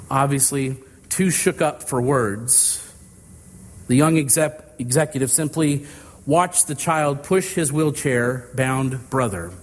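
A man preaching a sermon, telling an illustrative story in a deliberate, drawn-out way. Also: medium pitch, long reverb tail. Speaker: pastor.

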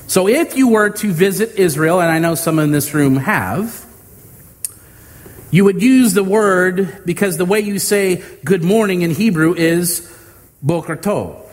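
A man preaching a sermon to his congregation, measured and emphatic, with homey humor and deliberate pauses. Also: high-pitched. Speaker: pastor. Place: church sanctuary. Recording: long hall reverb.

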